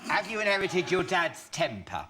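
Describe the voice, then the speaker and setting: Camp, playful talk show host. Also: male voice, sits high, very animated, normal speed. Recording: loud studio audience and noise.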